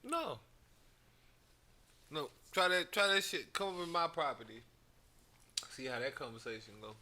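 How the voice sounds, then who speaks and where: A podcast co-host with a mid-range voice talks a little fast in a casual chat, telling loose, profane stories. He's animated and laughs often.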